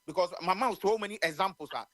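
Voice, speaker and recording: A man talking excitedly on a radio chat, mixing English and Twi. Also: high-pitched, fast talker, dry recording.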